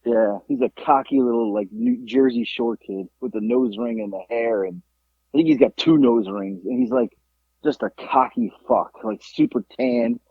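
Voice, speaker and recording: A podcast co-host with a gravelly, medium-pitched voice and a breathy edge speaks at a moderate pace on a dry, tinny, phone-like recording. He tells a story in casual chat, animatedly acting out the voices of people he quotes and swearing now and then.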